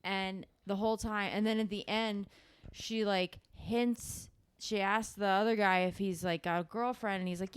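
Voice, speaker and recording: A woman's voice: mid-range voice, normal speed, smooth, no echo. A woman co-hosting a podcast, casually and animatedly retelling a plot. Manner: animated retelling, acts out lines. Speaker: podcast co-host. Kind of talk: casual chat.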